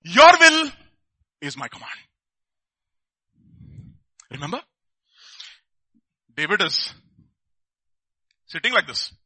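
A man preaching a lively sermon, asking his listeners rhetorical questions and acting out the people in his stories. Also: sits high, slightly rough, no echo.

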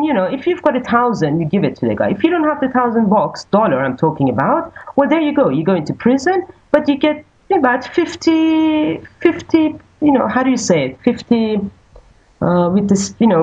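A woman speaks earnestly, often pausing with fillers as she hunts for the right word. Her pitch swings widely up and down. The recording sounds dull and lo-fi. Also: very animated, darkish tone. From Iran. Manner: earnest, searches for words with many fillers. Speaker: guest. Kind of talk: casual conversation. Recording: dull lo-fi audio.

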